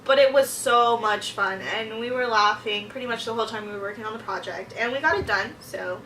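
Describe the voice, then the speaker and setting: A woman's voice: fairly high pitch, brisk, slight background noise. A young woman, a college student, telling stories about her week in a casual rambling vlog and acting out her own reactions. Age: young adult. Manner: excitable storytelling, acts out her own reactions. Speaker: vlogger. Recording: echoey room, mic at a distance.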